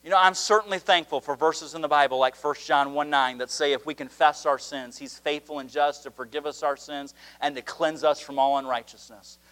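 A man preaching an evening revival sermon in a church, impassioned, rising to fervent peaks and slowing for emphatic phrases. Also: on the high side, a bit bright.

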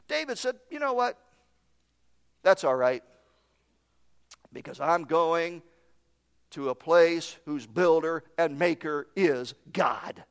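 Slow, emphatic preacher in a reverberant hall. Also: male voice, a little high. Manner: emphatic, swings between loud proclaiming and quiet drops. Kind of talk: sermon.

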